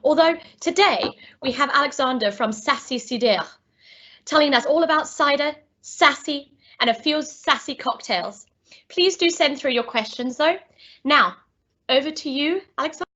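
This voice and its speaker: A woman with a high voice opens a company webcast, reading her welcome from a script. Her audio comes through a dull, lo-fi video call line. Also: normal speed, a bit bright. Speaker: webcast host. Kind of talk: scripted introduction.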